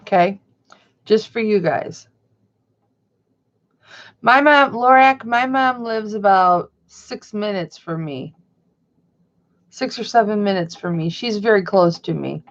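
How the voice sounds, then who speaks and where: A woman's voice: mid-range voice, takes it slowly, long pauses, highs cut off. A woman vlogging from home in a rambling, chatty way. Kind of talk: casual chat.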